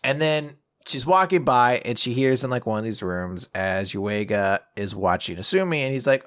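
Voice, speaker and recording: A man's voice: on the high side, normal speed. A man hosting a podcast, casually recapping comics, swearing and jumping into quoted voices. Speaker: podcast host.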